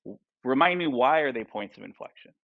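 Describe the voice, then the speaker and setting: A man's voice: mid-range voice, lively intonation, a little fast, creaky, no room sound, phone-quality sound. A male math teacher lecturing a class. He asks the students lots of questions and keeps checking in with "right?" and "okay?".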